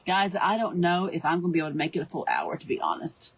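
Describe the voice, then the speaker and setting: A hoarse middle-aged woman hosts a live craft tutorial, chatting and greeting viewers by name. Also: fairly low pitch, quick pace, a little hiss or hum. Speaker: craft show host.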